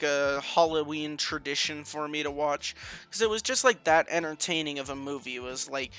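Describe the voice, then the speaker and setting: A man's voice: fairly high pitch, sharp tone, clean tone. A young man giving a casual, rambling movie review, full of fillers and the odd curse word.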